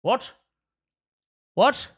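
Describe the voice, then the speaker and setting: A man's voice: very slow, fairly bright tone, dry recording, clean studio sound. A young man streaming live who rambles casually, swears freely and keeps saying "dude" and "bro". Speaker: livestreamer.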